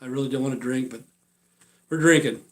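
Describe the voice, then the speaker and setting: Man, 60s, live-stream storyteller; blunt, profane, filler-heavy delivery that trails off, mid-range pitch. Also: fairly quick. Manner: rambling, filler-heavy, trails off quietly at phrase ends. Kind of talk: casual rambling storytelling.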